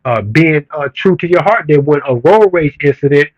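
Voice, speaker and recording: A man's voice: on the high side, animated, moderate pace, no room sound, lo-fi sound. A man on a livestream, talking to his chat in a blunt, profane, heated rant that keeps building in emphasis. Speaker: streamer reading comments.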